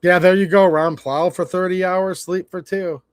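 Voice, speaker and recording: High-voiced stammering man ranting. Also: level tone, normal speed, dry recording, clean studio sound. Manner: rambling, stammering, frustrated and blunt. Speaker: livestream host. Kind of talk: casual livestream rant.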